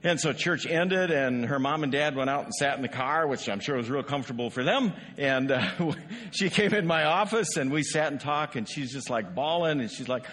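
A man's voice: mid-range voice, lively intonation, moderate pace, fairly bright tone, long reverb tail. A male pastor preaching a sermon in a conversational way, often asking the congregation rhetorical questions. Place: church sanctuary.

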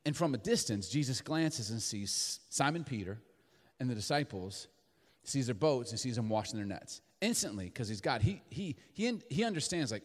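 A man preaches a sermon with a lively, rising and falling voice, acting out the people in his story. His voice carries a long reverb from the church hall around him. His pitch sits in the middle range. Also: moderate pace. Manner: animated, acts out voices of Peter and Jesus. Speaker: pastor.

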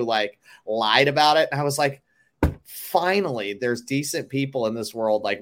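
A man in casual chat, telling a story haltingly with many fillers. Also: mid-range voice, fairly bright tone.

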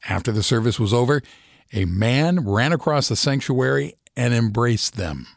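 Male narrator, low, gravelly and husky, with a lively pitch. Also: normal speed, no echo, clean studio sound. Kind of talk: scripted news narration.

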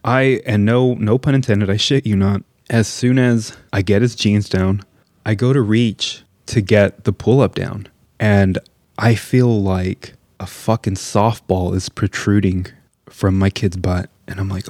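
A man in his thirties telling a comic story about his son in a casual, animated way, swearing, laughing often and dropping into whispers. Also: lowish voice, normal speed, no room sound, studio quality. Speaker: storyteller, father.

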